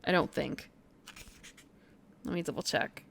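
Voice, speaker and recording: A woman's voice: deep voice, measured pace, vocal fry. A woman streamer chatting casually on a live stream, thinking aloud, muttering to herself and sounding out foreign phrases.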